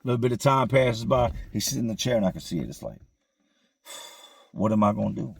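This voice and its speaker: A man tells his story in a relaxed, slangy street voice, tossing in asides like he is talking to a friend. His tone sits in a middle register with a husky, slightly rough texture, and the sound is close and dry. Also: mid-range voice, fairly quick, no echo. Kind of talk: casual storytelling.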